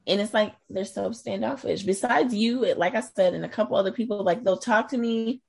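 A middle-aged woman from Iowa in a casual conversation, her voice slightly husky and set at an ordinary middle pitch. She talks freely, laughs often, and at times trails off and turns doubtful. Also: fairly quick. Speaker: guest sharing her experience.

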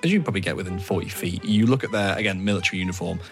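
Man game master, low voice, hesitant relaxed narration, faint music behind. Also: racing. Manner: relaxed, hesitant description with fillers.

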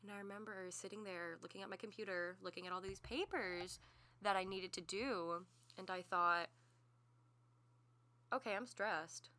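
A young woman from Texas co-hosting a podcast, telling stories in a casual, animated way. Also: mid-range voice, moderate pace. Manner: animated storytelling with bursts of laughter. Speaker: podcast co-host. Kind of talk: casual chat.

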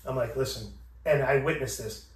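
A man's voice: mid-range voice, normal speed. A man hosting a podcast, telling a story casually with lots of swearing and acting out both sides of the exchange. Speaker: podcast host. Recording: echoey room, distant from mic.

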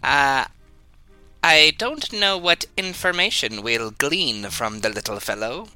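Male player, very bright tone, slightly formal roleplay. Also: mid-range voice, lively intonation, slow, smooth, faint music behind. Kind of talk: tabletop game chat and roleplay.

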